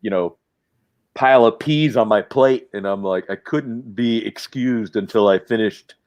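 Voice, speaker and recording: A man talking as a livestream guest, animated and quoting himself and his toys in little voices. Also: on the low side, measured pace. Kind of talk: casual livestream chat.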